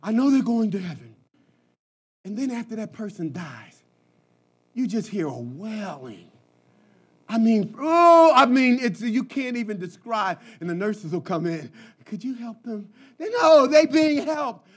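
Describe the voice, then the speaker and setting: High-voiced impassioned male preacher. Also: big pitch swings, measured pace, husky. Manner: impassioned preaching, swings between shouting and hushed speech. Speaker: pastor. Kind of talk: sermon.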